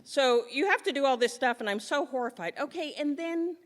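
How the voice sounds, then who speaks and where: A woman's voice: high-pitched, animated, a little fast, long reverb tail. A woman on stage telling a comic story about her own life to a live audience, acting out the scenes with self-mocking humor.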